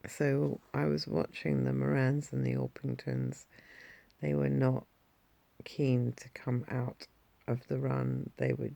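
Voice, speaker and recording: A woman's voice: extremely low pitch, flat delivery, takes it slowly, vocal fry, mellow, no echo. A woman vlogger telling a casual story, rambling with many fillers and self-corrections.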